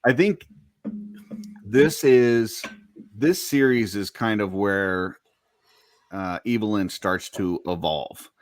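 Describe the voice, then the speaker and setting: A man co-hosting a casual fan podcast, relaxed and blunt, filling his talk with "you know" and "like". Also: lowish voice, takes it slowly, long pauses, dry recording, clean studio sound. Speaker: podcast co-host.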